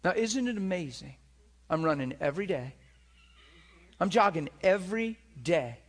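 A man's voice: high-pitched, moderate pace. A middle-aged man preaching a storytelling sermon, acting out voices and crying out in places. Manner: animated, acts out voices and cries out.

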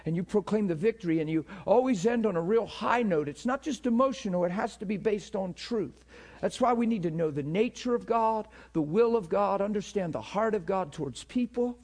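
A man's voice: high-pitched, darkish tone. A man teaching a class in a sermon style, conversational and often checking in with his listeners, repeating words as he builds a point.

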